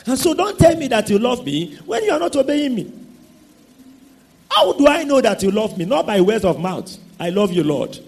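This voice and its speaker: A man preaching a sermon, quizzing his congregation with call-and-response questions and drawn-out, emphatic phrasing. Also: very high voice, very animated, gravelly, slightly rough. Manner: drawn-out emphatic phrasing with sudden loud and soft swings.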